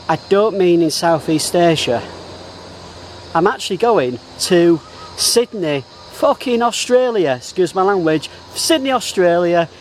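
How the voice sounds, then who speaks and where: A man with a slightly higher voice vlogging as he strolls through an outdoor garden. He talks casually and with motivational enthusiasm, building into excitement. Faint outdoor sounds and distant vehicles sit behind him. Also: slight background noise. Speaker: travel vlogger. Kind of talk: casual walk-and-talk to camera. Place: outdoor botanical garden, walking.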